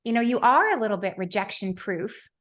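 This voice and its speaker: A woman hosting a podcast interview, telling stories in an animated, chatty way. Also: medium pitch, a little fast. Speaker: podcast host. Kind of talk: casual interview chat.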